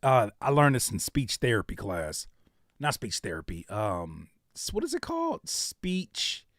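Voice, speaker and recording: A man's voice: mid-range voice, huge pitch swings, measured pace, a bit bright, dry recording, studio quality. A man chatting casually on a live stream, giving feedback on music, rapping lines back and slipping into voice impressions. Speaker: rapper and producer reacting to viewer music.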